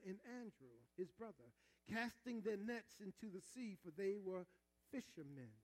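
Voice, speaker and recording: A man preaching a sermon, calling on the congregation to repeat after him, moving between chatty asides and shouted peaks. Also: high voice, poor audio. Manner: call-and-response preaching, calls on the congregation to repeat; swings between conversational asides and shouted climaxes. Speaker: pastor.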